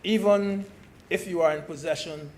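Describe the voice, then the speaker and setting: A man from Barbados giving a parliamentary speech as a senator, slow and deliberate, stressing key words. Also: fairly high pitch, a little mellow, a little hiss or hum. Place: senate chamber.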